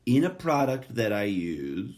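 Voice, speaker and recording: A man's voice: on the low side, sing-song, measured pace, darkish tone. A man hosting a solo podcast, talking in a profane, sardonic, rambling monologue that keeps wandering off topic. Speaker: podcast host.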